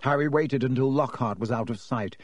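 A man's voice: mid-range voice, brisk, dry recording. A man reading an audiobook expressively, giving each character a voice. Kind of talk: audiobook narration.

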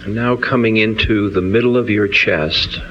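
A man leading a guided loving-kindness meditation with slow, soothing, drawn-out phrases, on a dull lo-fi recording. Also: on the low side, steady tone, fairly bright tone, a little hiss or hum. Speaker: meditation leader. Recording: dull lo-fi recording, faint ambience.

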